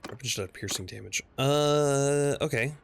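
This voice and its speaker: While streaming a strategy game, a man casually mutters, reads game text aloud, and trails off quietly, mumbling through his gameplay commentary. His voice is mid-range and gravelly, his pace moderate, and there's a little hiss or hum on the recording.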